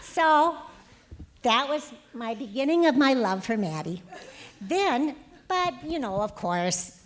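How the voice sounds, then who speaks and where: A woman's voice: sits high, very animated, slow. A middle-aged woman giving a wedding toast as mother of the groom, chatty and laughing as she tells family stories. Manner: chatty and laughing, quotes family in her own voice. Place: wedding reception hall with guests.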